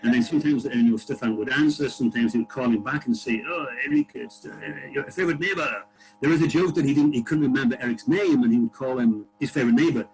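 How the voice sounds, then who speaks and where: A man at an ordinary middle pitch tells a long winery story on a video call. He speaks from outdoors in a vineyard. He rambles, with frequent fillers and restarts. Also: fast, hardly any pauses, over music, low-quality recording. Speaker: winery panelist. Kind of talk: casual video-call chat. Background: tractor passing.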